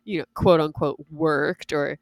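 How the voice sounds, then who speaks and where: A woman's voice: deep voice, unhurried, dry recording, clean studio sound. A woman co-hosting a podcast in casual chat, laughing often, with a sick voice. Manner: laughs often, lively and chatty. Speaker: podcast co-host.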